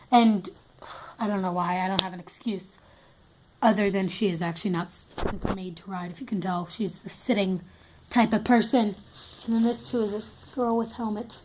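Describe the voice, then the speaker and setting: A young woman giving a casual, rambling tour of her toy horse barn, full of fillers and self-corrections. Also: mid-range voice.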